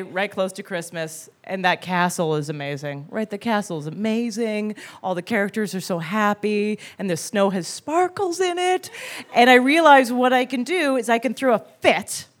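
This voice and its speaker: A woman telling a comic personal story live on stage, acting out childhood scenes with sudden shouts. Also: mid-range voice. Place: theater stage before a live audience.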